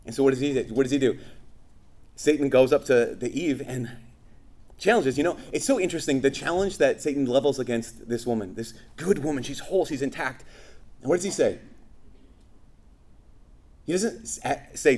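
A man preaching a sermon, telling stories and acting out quoted voices with animated energy. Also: mid-range voice, brisk.

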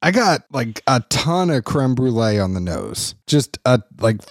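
Dude reading whiskey label stuff then gushing about the pour, mid pitch, dry mic. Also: male voice, big pitch swings, a little slow, dry recording. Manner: enthusiastic, reads label copy aloud. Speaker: whiskey reviewer. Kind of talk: casual tasting chat.

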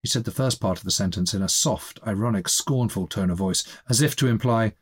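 A man reading a chapter of a literary novel aloud in a measured, even storytelling manner. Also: fairly low pitch, slightly rough.

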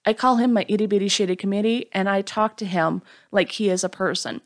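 A woman's voice: medium pitch, steady tone, brisk. A woman hosting a solo motivational podcast, talking frankly and upbeat, sometimes acting out her own doubting inner voice. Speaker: podcast host.

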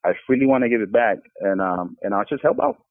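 A man's voice: on the low side, lively intonation, fast talker, dry recording. A man speaking as a podcast guest, giving an earnest Christian testimony with frequent stumbling restarts. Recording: tinny phone line.

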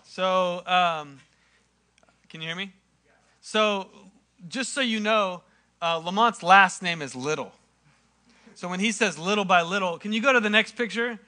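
A man with a high voice speaks casually to a church audience. His tone is bright and sharp, and his delivery is loose, full of fillers as he talks over pictures on screen. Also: a little slow, pauses often. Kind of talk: casual talk to a congregation.

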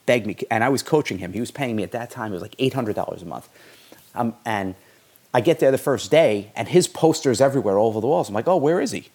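A man's voice: mid-range voice, lively intonation, fast talker, darkish tone, slightly rough. A man talking casually as a podcast guest, rambling with many restarts and stammers. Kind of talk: casual conversation.

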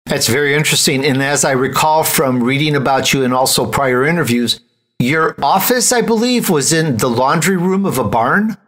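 A man hosting an interview show, asking his guests questions in a lively, animated way with rising emphasis. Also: a little high, moderate pace. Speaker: talk show host.

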